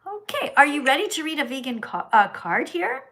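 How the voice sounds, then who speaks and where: A woman hosting a live stream, reading donations aloud and lecturing slowly and bluntly. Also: high-pitched, big pitch swings, a bit bright. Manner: blunt, scolding; slow, emphatic lecturing. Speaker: livestream host reading donations.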